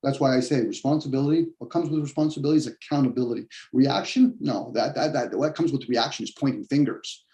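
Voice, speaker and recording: A man's voice: fairly high pitch, expressive, quick pace, dark tone. A man on a podcast giving a blunt, combative rant, swearing heavily and mocking the objections he imagines from others. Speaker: podcast host. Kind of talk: profane philosophical rant.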